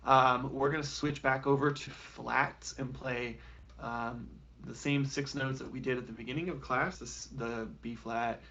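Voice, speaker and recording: A man's voice: mid-range voice, fairly even intonation, measured pace, pushed and bright. A man teaching a live online beginner flute lesson, talking casually and encouragingly with plenty of fillers. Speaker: music teacher.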